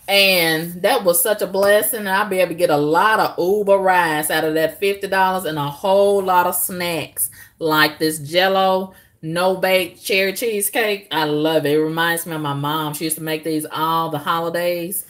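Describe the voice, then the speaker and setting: Woman, casual vlogger, animated storyteller who plays every part herself. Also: on the low side. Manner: animated, talks to herself and her viewers, acts out both sides of conversations.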